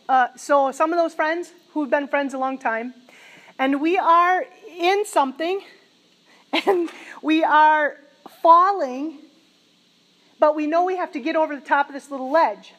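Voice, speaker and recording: High-voiced woman preaching with animation. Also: measured pace. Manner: animated storytelling, laughing as she recounts a vision. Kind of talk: sermon.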